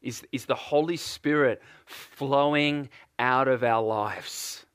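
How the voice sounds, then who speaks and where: A man with an Australian accent delivers a sermon in a slow, unhurried cadence. He repeats his phrases and presses earnest questions on his listeners. The voice sits close and dry, with little room sound. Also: mid-range voice, a bit bright, clean tone, no room sound. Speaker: preacher.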